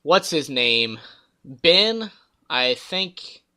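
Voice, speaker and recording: Podcast host, male, bright and forceful tone, chatty storyteller who mimics game characters. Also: on the high side, very animated, extremely slow. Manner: rambling storyteller, acts out game characters' lines. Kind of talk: casual gaming chat.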